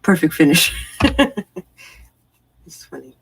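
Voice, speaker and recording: A woman's voice: low-pitched, slow, creaky, breathy edge, no room sound, low-quality recording. A woman hosting a casual morning chat stream from home, chatting and answering viewers' messages. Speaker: livestream host.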